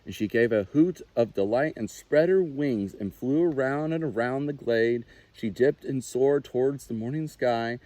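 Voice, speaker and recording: A man, a naturalist, reading a children's picture book aloud with expressive, unhurried storytelling. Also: mid-range voice, no room sound.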